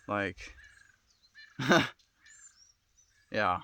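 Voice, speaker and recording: Pausing often at a measured pace, this young adult streamer has a medium-pitched, fairly bright voice. He chats casually with viewers in an earnest, heartfelt, rambling way, sighing a lot and saying "dude" constantly.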